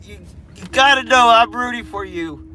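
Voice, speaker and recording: Guy on a livestream, high voice, emotional and sweary, pepping up his viewers. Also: moderate pace, bright, forceful tone. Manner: earnest, profane, emotional pep talk.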